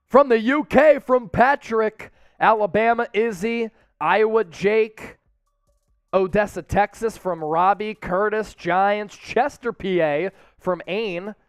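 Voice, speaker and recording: A man hosting a live-stream football watch party from a studio, upbeat as he reads out viewer shout-outs. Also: high-pitched, no room sound. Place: sports studio.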